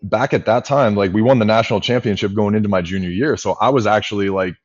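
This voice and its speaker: A man in his thirties, a former pitcher and podcast guest, telling long stories quickly with many fillers. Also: no room sound. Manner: rapid, animated storyteller with many fillers. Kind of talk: casual storytelling chat. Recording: dull lo-fi podcast audio.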